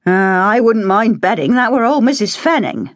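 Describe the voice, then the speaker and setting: A woman's voice: medium pitch, very animated, normal speed, dry recording, clean studio sound, voice pushed up, close to an everyday voice. A woman doing a plump, motherly kitchen lady. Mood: kindly. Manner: warm-hearted, homely, fussing.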